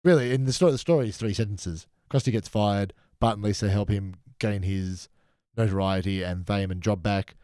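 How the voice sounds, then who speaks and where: A deep, mellow-voiced man guests on a podcast, recorded close and dry. He picks apart what he reviews in an opinionated, analytical way. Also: normal speed, clean tone, no echo. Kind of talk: casual chat reviewing episodes.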